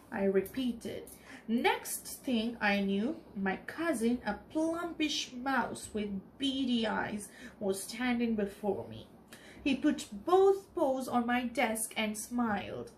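A woman teacher from the Maldives reading a children's storybook aloud for a TV lesson. She reads slowly, and her voice sits fairly high and rises and falls a lot. She stops now and then to explain the page. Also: sing-song, slight background noise.

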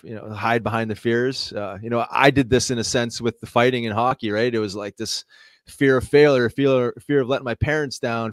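A man hosting a podcast, a former hockey player, speaking earnestly and a little haltingly about facing fear. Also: mid-range voice, dry recording, studio quality. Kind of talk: casual chat, reflective.

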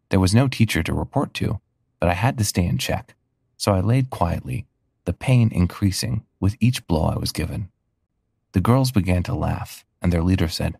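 A man with a very low voice narrates a first-person story in a steady, earnest manner. His tone is gravelly and husky, and the recording is dry and close. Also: no room sound.

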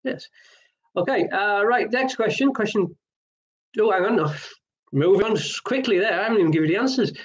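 A man's voice: high-pitched, lively intonation, fairly quick. A man hosting an online pub quiz, chatty and jokey with rambling asides. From Wales.

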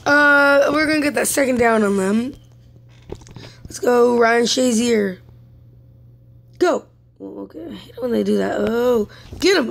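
A young woman giving casual commentary over her own mobile football game, exasperated, dropping from whispered mutters to sudden yelps and shouts. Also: on the high side, measured pace, gravelly, long pauses. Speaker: gaming YouTuber.

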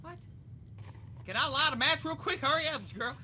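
A young woman gaming YouTuber giving excitable, chatty let's play commentary. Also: sits high, normal speed, slight background noise. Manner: excitable, chatty, reacts out loud.

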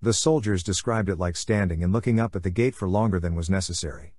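A man's voice: deep voice, quick pace, darkish tone, dry recording. A man voicing a grim, pessimistic male army officer with a blunt, curt manner.

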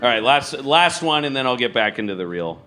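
A man doing live stand-up in a large comedy club, animated and loud, swearing and riffing with the audience. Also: mid-range voice, brisk. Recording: live club with crowd noise.

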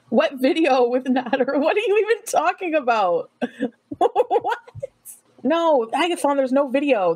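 A woman chatting casually on a livestream, rambling from topic to topic and laughing often. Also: medium pitch.

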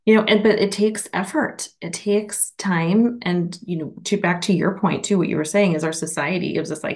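A woman's voice: lowish voice, normal speed, hardly any pauses. A woman from Minnesota with a Minnesotan accent, a podcast guest talking earnestly in long winding sentences. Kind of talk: casual interview chat.

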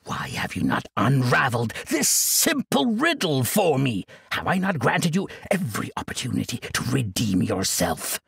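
A man's voice: mid-range voice, huge pitch swings, moderate pace, vocal fry, few pauses, fairly bright tone, slightly rough, no echo, studio quality, exaggerated voice. A man voicing a cruel, commanding demon queen in an audiobook, with a silky, imperious manner.

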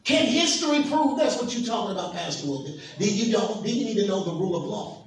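A pastor preaching a sermon, emphatic and asking the congregation questions. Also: male voice, high voice, animated, quick pace, darkish tone. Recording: echoey hall from far off, faint noise.

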